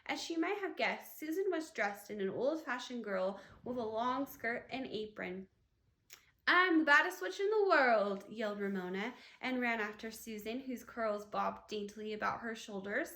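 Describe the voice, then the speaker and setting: A woman teacher reads a children's chapter book aloud, telling it with lively expression. Her voice sits fairly high, and the room adds a noticeable echo. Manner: expressive storytelling. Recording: echoey room.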